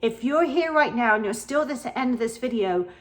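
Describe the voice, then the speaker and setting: A woman's voice: a little high, animated, a little fast. A middle-aged woman vlogger telling an earnest personal story in a casual, emphatic way, repeating phrases for emphasis. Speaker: spiritual vlogger.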